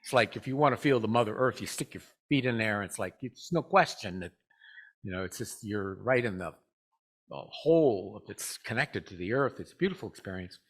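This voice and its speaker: A man with a lowish voice gives a Sunday talk, speaking directly to his spiritual community. He relates a personal story in an easygoing, wandering style, frequently pausing on "uh."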